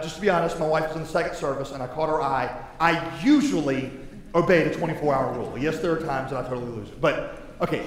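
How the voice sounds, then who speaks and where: A male pastor preaching a sermon in a big church, talking in a loose, conversational way that swings between soft and loud. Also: fairly high pitch. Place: large church sanctuary. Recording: echoey hall with faint noise.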